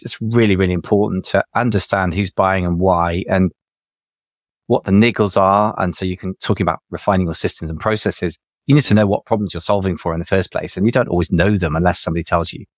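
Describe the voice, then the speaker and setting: Male co-host, rapid chatty delivery, very deep register. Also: steady tone, dry recording, clean studio sound. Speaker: podcast co-host, business adviser. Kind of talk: casual podcast conversation.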